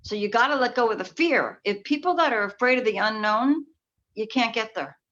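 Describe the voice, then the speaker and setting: A woman's voice: a little high, fairly quick, fairly bright tone, slight background noise. A woman from New York, a clairvoyant guest, telling her story in a rambling way that trails off and restarts. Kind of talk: casual interview chat. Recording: dull lo-fi call audio.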